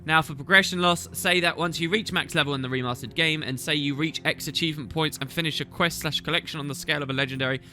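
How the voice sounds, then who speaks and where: A man's voice: on the high side, fairly even intonation, fast, few pauses, bright, forceful tone, faint music behind. A man hosting a gaming channel, answering viewer questions in a chatty, rambling way as he thinks aloud. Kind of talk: casual Q&A chat.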